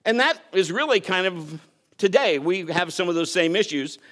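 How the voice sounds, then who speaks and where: A man's voice: sits high, expressive, normal speed, a bit bright. A man preaching a sermon, telling a personal story, acting out quotes and laughing at himself.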